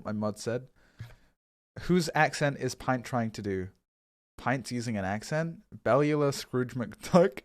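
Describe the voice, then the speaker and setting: A man's voice: medium pitch, no echo, clean studio sound. A young man streaming a game, chatting casually, swearing, laughing and stumbling over words. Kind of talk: live game stream chat. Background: faint game music.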